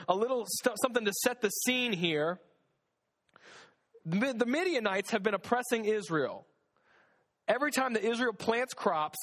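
A man with a high, fairly bright voice delivers a casual, conversational sermon. As a preacher, he reads scripture and acts out the voices of its figures, including God and Gideon.

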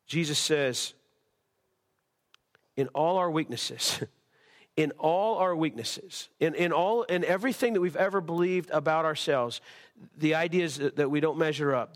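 A male pastor preaching a sermon at a church service, impassioned, repeating words and restarting phrases. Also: on the high side.

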